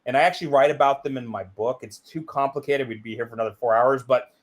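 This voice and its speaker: A middle-aged man, a guest in an interview, telling a candid personal story and acting out the dialogue in it. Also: fast. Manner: animated, acts out quoted dialogue with big pitch jumps.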